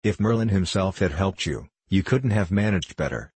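A man's voice: deep voice, lively intonation, moderate pace, a little mellow, husky, no echo, heavily acted. Man voicing Puck, the ancient merry hill sprite. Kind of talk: audiobook character reading.

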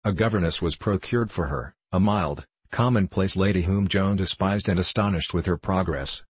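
A man narrates a novel with measured, even storytelling. His voice sits very low with a husky edge. The sound is dry and close. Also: dry recording. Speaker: audiobook narrator. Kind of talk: scripted narration.

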